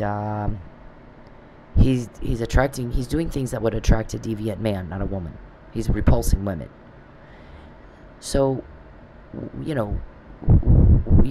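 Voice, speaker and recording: A man's voice: fairly low pitch, gravelly. A man ranting bitterly in a monologue, speaking straight at an absent opponent. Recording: steady background noise.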